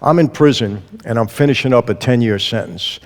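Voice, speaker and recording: A man tells his story as an interview guest, animated and acting out each quoted exchange. His voice sits at an everyday male pitch. A long reverb hangs behind it, as if recorded in a large hall. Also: a little fast. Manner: lively storyteller who acts out quoted dialogue. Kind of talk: storytelling testimony.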